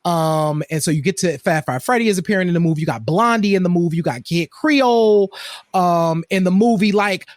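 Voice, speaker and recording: A man's voice: sits high, fairly quick, no echo. A man co-hosting a podcast, talking in a chatty, digressive way. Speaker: podcast co-host. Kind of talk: casual chat.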